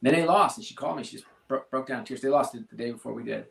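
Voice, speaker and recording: A middle-aged man speaking candidly as an interview guest, earnest and halting, often restarting his sentences. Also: mid-range voice, gravelly, a bit bright, echoey room. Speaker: sports team executive, guest.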